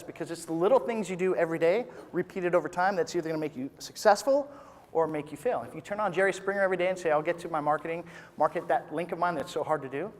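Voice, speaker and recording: A man gives an energetic, joking motivational talk at a live business seminar, rallying the audience into chants in a large conference room. His voice is high, and the reverberant hall carries the crowd's responses and applause.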